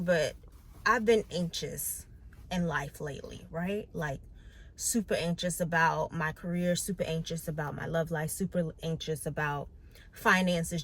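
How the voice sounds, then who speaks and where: A candid, chatty woman in middle age speaks to camera in a casual vlog. She reflects openly on her week and shares her thoughts with her followers. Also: fairly low pitch. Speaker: vlogger and makeup artist. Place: New York City.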